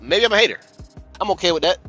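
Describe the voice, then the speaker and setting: A man with a high, bright voice tells a story on a podcast, swinging his pitch up and down. He talks casually and profanely, with bursts of loud emphasis. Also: big pitch swings, fast talker, soft background music. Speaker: podcast host. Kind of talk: casual chat.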